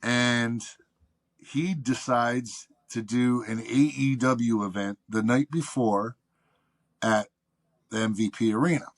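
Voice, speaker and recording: This podcast guest, a man with a medium-pitched voice and slow pace, shares an extended anecdote. His chat is relaxed and full of swearing, and he acts out quoted speakers in their own voices.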